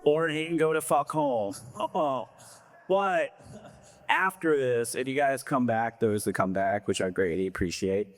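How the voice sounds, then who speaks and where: A man's voice: medium pitch, unhurried. A man emceeing a comedy show, calling up comics and bantering casually with the audience. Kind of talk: stand-up hosting.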